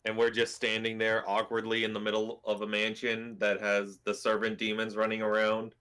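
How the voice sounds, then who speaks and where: A man's voice: lowish voice, monotone, normal speed, bright, forceful tone, clear, resonant tone. Wry male tabletop player. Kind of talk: casual chat and in-character play.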